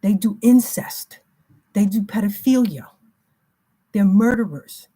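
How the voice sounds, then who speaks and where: Husky-voiced woman giving a spiritual reading. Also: mid-range voice, slow pace, dark tone. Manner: emphatic, repetitive, slangy. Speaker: spiritual reader.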